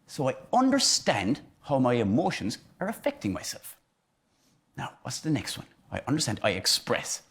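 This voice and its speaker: A man's voice: medium pitch, wildly swooping pitch, normal speed, fairly bright tone. A man, a teacher giving a playful children's lesson about feelings and acting out each emotion.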